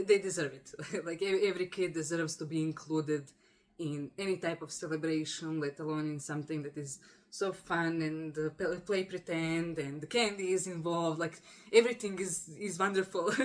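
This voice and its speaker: A young woman from Croatia, hosting a casual video-call interview, warm and effusive with many fillers and laughs. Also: sits low. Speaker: podcast host.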